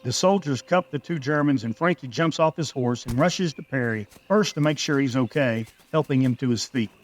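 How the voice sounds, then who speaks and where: Male storyteller, mid-range voice; steady, measured first-person narration. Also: mid-range voice.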